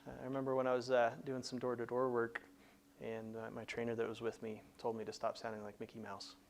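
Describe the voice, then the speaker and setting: A man's voice: medium pitch, monotone, quick pace, a little hiss or hum. A man hosting a career advice show, explaining plainly in a conversational teaching style with frequent restarts. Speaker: career coach host.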